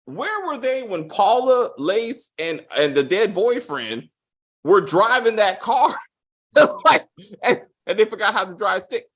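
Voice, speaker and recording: A man hosting a casual spoiler review of a TV episode, animated and profane, acting out quotes with big swings in his voice. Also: sits high, measured pace. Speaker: TV review host.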